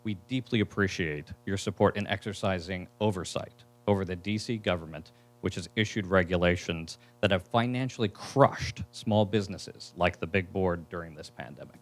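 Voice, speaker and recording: A man giving a prepared, formal statement as a guest at a panel discussion, measured in his delivery. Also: deep voice. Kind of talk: prepared statement read aloud.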